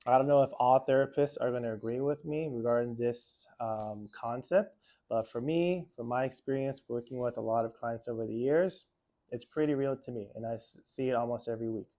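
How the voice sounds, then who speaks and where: Unhurried reflective male therapist. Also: mid-range voice, mellow. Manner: unhurried, reflective, with many fillers. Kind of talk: casual talk to camera.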